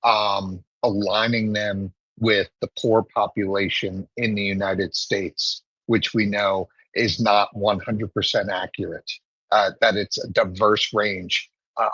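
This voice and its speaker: A man giving political commentary as a guest, emphatic and opinionated, talking in steady runs. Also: on the low side, slow, breathy edge, dry recording, highs cut off. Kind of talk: political talk show commentary.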